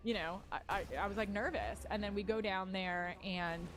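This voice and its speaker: A woman's voice: mid-range voice, fairly even intonation, moderate pace. Rambling woman telling a candid story. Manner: rambling, lots of "like" fillers and swearing. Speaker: stand-up comedian. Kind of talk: casual personal storytelling.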